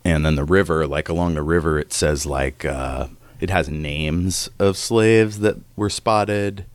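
A man with a very low voice runs a tabletop game, describing scenes in a loose, rambling way full of restarts. The recording is dry and close, with no room sound. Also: a little slow, no echo. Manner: rambling, many fillers and restarts. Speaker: game master.

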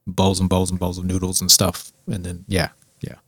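A man's voice: low voice, monotone, moderate pace, fairly bright tone, no echo, clean studio sound. A man co-hosting a podcast, chatting casually and often trailing off mid-sentence. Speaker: podcast co-host. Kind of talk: casual chat.

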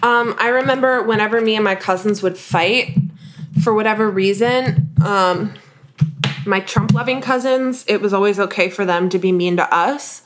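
A woman co-hosts a podcast in casual, candid chat. She speaks in a confessional, halting way, often stopping to restart a sentence. She grew up in the northern United States. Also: mid-range voice, slight background noise. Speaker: podcast co-host.

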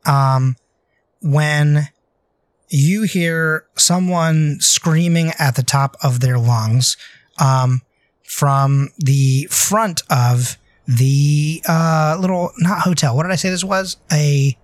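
Dry, slightly high game master man. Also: slow, no room sound. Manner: loose, hesitant, many fillers. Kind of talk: narrating a tabletop game.

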